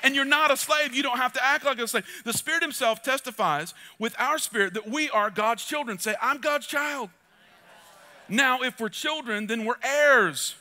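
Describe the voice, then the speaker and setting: A middle-aged pastor preaches with a high, bright, sharp-edged voice. He drives his points home by repeating phrases and swings from loud, urgent calls down to quiet, close asides. It is a passionate sermon delivery. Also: brisk, few pauses.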